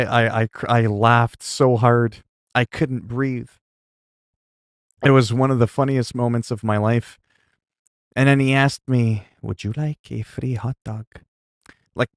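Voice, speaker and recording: A man's voice: medium pitch, no room sound. A man livestreaming, chatting casually with his viewers and telling a story, often laughing and stumbling over his words. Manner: laughing, storytelling, halting restarts.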